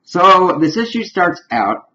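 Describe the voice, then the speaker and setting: A man's voice: high voice, very animated, slow pace, sharp tone. Chatty man reviewing comics, dull lo-fi sound. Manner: chatty and enthusiastic, acts out characters' lines. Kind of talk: casual spoken review. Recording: dull lo-fi recording.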